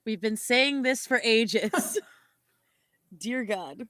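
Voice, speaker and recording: A woman's voice: fairly high pitch, expressive, drawn-out words, a bit bright, no room sound, studio quality. A young woman co-hosting a podcast, chatting casually in a rambling, giggly way and correcting herself often. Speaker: podcast co-host. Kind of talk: casual chat.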